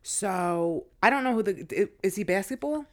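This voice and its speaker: A woman co-hosting a podcast as a guest, telling gossip stories in a relaxed, chatty way. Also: mid-range voice, moderate pace. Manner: laid-back, chatty storyteller. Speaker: guest co-host. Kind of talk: casual podcast chat.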